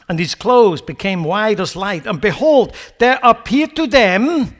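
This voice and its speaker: A man with a high, slightly bright voice preaches a sermon. He poses rhetorical questions and mocks mistaken ideas through sarcastic paraphrase, then builds to emphatic peaks as he drives his point home.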